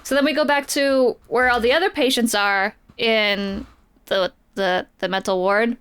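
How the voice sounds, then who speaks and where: A woman's voice: fairly high pitch, steady tone, measured pace, a bit bright, clean tone. A woman casually recapping a comic book story on a podcast, chatty and playful, slipping quoted lines into her retelling. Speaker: podcast co-host.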